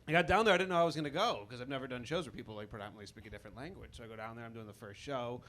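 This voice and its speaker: A man from Chicago performing a stand-up comedy set, telling stories in a wry, conversational, self-deprecating way with quick asides. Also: medium pitch, a bit bright. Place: comedy club stage with a live audience.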